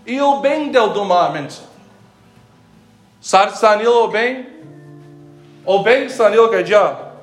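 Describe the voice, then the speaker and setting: High-voiced male preacher in echoey room. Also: expressive, slow pace, long pauses, soft background music. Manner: repetitive rhetorical questions, calls listeners by name; switches between English and another language mid-sentence. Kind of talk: sermon.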